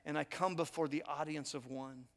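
A man's voice: on the high side, steady tone, moderate pace, fairly bright tone, in a large hall. A pastor in his fifties preaching a sermon, talking directly to his congregation in a conversational, self-mocking way. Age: 50s. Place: church auditorium.

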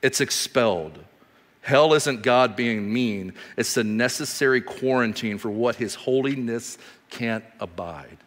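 A man in his thirties preaches to a congregation, his voice carrying through a large, reverberant sanctuary. He tells stories animatedly, jumping from loud bursts to hushed, deliberate points. His pitch sits at an ordinary middle. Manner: animated storytelling, swinging from loud bursts to quiet emphasis. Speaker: pastor. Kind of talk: sermon. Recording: reverberant hall.

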